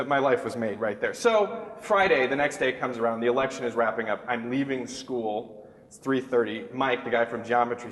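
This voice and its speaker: A man in his thirties telling a comic story to a crowd at a talk, animated and self-mocking, sometimes jumping into a high squeak to act out other people. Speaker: keynote speaker. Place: large hall. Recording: echoey hall with long reverb.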